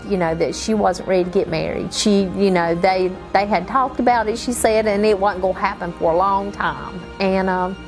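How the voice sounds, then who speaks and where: A woman in a family interview, speaking earnestly and a little haltingly. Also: medium pitch. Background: soft background music.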